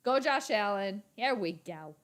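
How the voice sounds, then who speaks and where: A woman hosting a live football reaction stream, chatty and excitable, laughing often. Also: mid-range voice, unhurried. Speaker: sports channel host.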